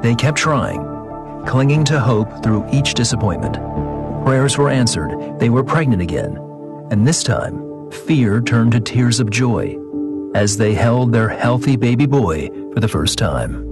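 A man presenting a feature in polished, measured scripted narration. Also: medium pitch, expressive. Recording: music bed underneath.

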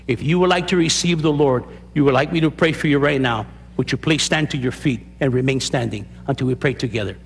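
A pastor giving an altar call in church, urging people again and again to come forward and pray. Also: male voice, medium pitch, slight background noise. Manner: pleading, repetitive urging. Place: church with congregation.

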